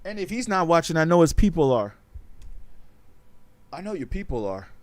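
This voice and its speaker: A man's voice: fairly high pitch, big pitch swings, moderate pace, no room sound. A man hosting a talk show on a livestream, chatting casually in a rambling, profane and emphatic way.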